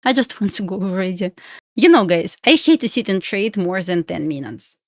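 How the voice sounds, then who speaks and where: A woman's voice: medium pitch, expressive, normal speed, dry recording, studio quality. A young woman with a Russian accent chatting on a live trading stream, pleading with the chart and laughing often. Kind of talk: casual live-stream chat.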